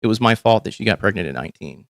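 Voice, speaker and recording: A man's voice: fairly low pitch, expressive, very fast, creaky, fairly bright tone, no room sound, studio quality. A man hosting a casual livestream, talking candidly and rambling with frequent ums and swearing. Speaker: livestream host.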